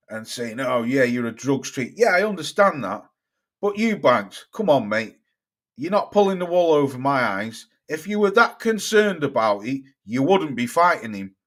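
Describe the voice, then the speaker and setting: A man's voice: on the high side, sing-song, a little slow, fairly bright tone. Blunt sweary British man ranting. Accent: British English. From United Kingdom. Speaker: boxing live-stream host. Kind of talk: casual live-stream chat reading comments.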